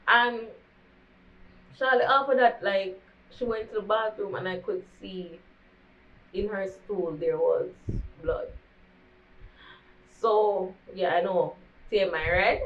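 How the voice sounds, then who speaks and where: Jamaican woman telling a candid story. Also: mid-range voice. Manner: candid, slips into patois. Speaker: vlogger. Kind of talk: storytime vlog. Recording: dull lo-fi recording.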